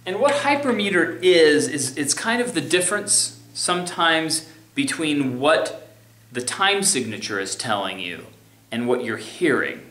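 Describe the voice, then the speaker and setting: A man's voice: on the high side, big pitch swings, a little slow, fairly bright tone. A man teaching music theory in a recorded remote lecture, talking casually and scatting rhythms to show them. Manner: casual, sings and scats rhythms to demonstrate. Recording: echoey room.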